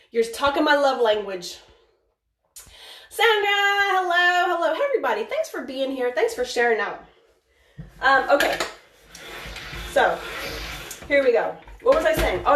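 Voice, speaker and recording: A woman hosting a casual live cooking stream from her home kitchen, chatty and excitable, rambling with many restarts. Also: on the high side. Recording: echoey kitchen, mic at a distance, faint noise.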